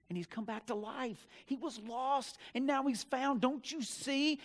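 A preacher voicing a gentle loving father. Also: extremely high pitch, voice pushed up, full character voice. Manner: soft and tender, rising to warm urgency. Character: loving father, older man, gentle and pleading.

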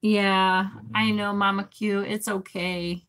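Reading chat comments out loud on a relaxed livestream, this female host laughs often. She speaks slowly in a mid-range voice that stays fairly flat in pitch and sounds a bit bright.

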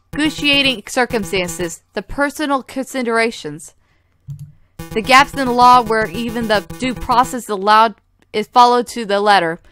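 An earnest rooster prosecutor, reflective and lecturing, as a woman gives him voice. Soft music sits faintly behind. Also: on the high side.

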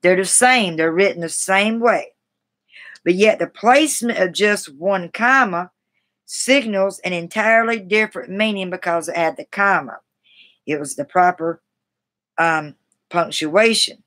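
Reading aloud from a grammar book on a live stream, a woman with a lowish, fairly bright voice stumbles and restarts words. She is halting and self-deprecating, dropping chatty asides to her viewers.

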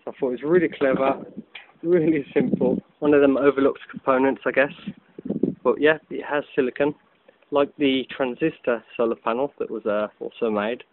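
A man's voice: mid-range voice, expressive, moderate pace, creaky, noisy background. A man casually demonstrating a gadget outdoors, chatting loosely with many ums and restarts, recorded on a phone. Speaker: hobbyist video maker. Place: outdoors in afternoon sun. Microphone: phone camera. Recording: tinny phone-like audio.

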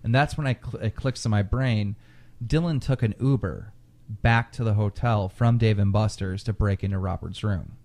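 A man with a lowish voice hosts a podcast, spinning a long story at a moderate pace in casual conversation. He swears freely and animatedly acts out what people said.

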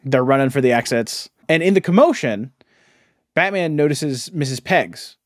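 A man co-hosting a podcast, chatting casually and laughing often. He sounds mocking and incredulous. His voice is mid-pitched and dry, recorded close on a podcast mic. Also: very animated, normal speed, dry recording. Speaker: podcast co-host. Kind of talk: casual comic chat.

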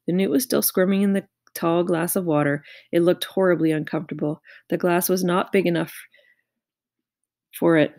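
A woman narrating a children's novel aloud with steady, expressive storytelling. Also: fairly low pitch, no echo, studio quality. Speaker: audiobook reader.

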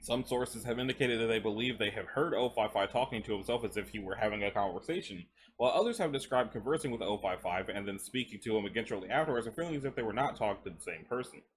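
A man's voice: fairly low pitch, fast talker, a little hiss or hum. A man casually reading stories aloud while chewing gum, breaking off into chatty asides and stumbling over words. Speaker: story reader.

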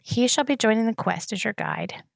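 A woman voicing a calm, measured older man who acts as a mentor. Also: a little high, gravelly, no room sound.

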